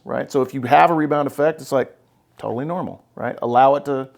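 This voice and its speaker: A man with a gravelly, creaky voice in a mid-range pitch hosts a podcast as a no-nonsense therapist. He talks bluntly, swears freely and keeps tagging his points with "right?". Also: fast talker. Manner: blunt, profane, emphatic, keeps checking with "right?". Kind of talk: casual podcast conversation.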